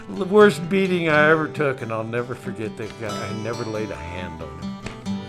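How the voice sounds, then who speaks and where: A man's voice: medium pitch, lively intonation, normal speed, a bit bright, soft background music. An older man from Montana telling a personal story in a folksy, wry way, laughing at himself.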